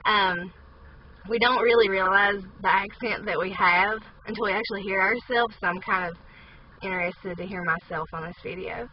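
A woman's voice: medium pitch, moderate pace, dull audio, slight background noise. A young woman from southern West Virginia with a strong local accent, chatting casually in a parked car and reading a word list, unsure and full of ums. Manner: unsure, hedging, with many ums. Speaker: vlogger.

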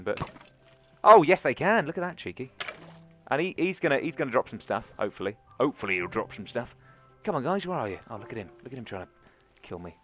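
A man's voice: medium pitch, a bit bright. A young man hosting a gaming channel, chatting and rambling through a let's play commentary to his viewers and to the creatures in the game.

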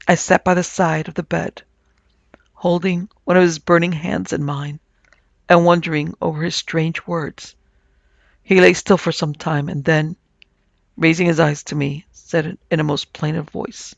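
A man narrating a supernatural tale in a measured, scripted storytelling manner. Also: fairly high pitch, level tone, vocal fry, dry recording, lo-fi sound. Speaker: narrator and producer.

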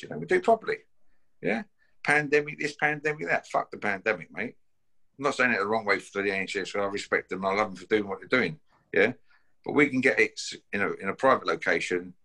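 Blunt, swearing man with a bright edge. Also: lowish voice. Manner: blunt and combative, swearing, keeps tagging "yeah?" and "mate". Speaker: bare-knuckle fighter issuing a challenge. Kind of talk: confrontational call-out to camera.

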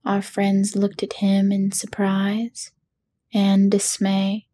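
A woman narrating an audiobook in a soft, hushed bedtime whisper. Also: medium pitch, completely flat delivery, slow pace, slight background noise. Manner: hushed and soothing.

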